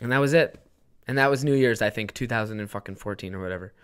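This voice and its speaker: A man's voice: on the low side, quick pace, a bit bright, clear, resonant tone. A young man hosts his own podcast from home, spinning a rambling party story in a loose, profane way. He swears often, laughs at himself, and wanders off into asides before getting back on track. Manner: rambling, profane, self-mocking. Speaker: podcast host. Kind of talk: casual solo storytelling.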